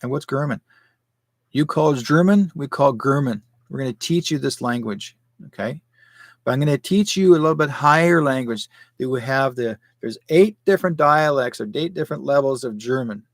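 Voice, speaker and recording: A man's voice: medium pitch, moderate pace, no room sound. Rambling conspiratorial man in his sixties. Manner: rambling, conspiratorial, full of rhetorical questions. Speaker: show host. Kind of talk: live commentary show.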